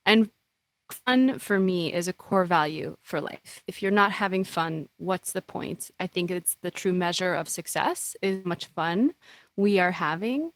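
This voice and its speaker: A woman's voice: on the low side, unhurried, dry recording. A woman hosting a podcast interview, asking effusive, admiring questions. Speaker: podcast host.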